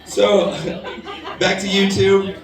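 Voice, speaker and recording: On a bar stage before a live audience, an American man rambles through a stand-up set full of fillers and crude punchlines. His voice is high, monotone and very slow. It's captured from a distance in a roomy bar, with the crowd audible.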